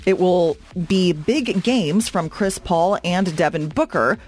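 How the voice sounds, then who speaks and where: A woman's voice: fairly low pitch, takes it slowly, darkish tone. A woman on sports radio reading a listener poll and its results in an upbeat way. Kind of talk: radio poll read, casual banter.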